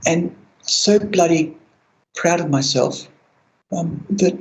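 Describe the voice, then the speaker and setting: Older man, halting and reflective. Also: a little high, poor audio. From Australia. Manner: halting, with frequent restarts and soft laughs. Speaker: interviewee sharing lived experience. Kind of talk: reflective personal account.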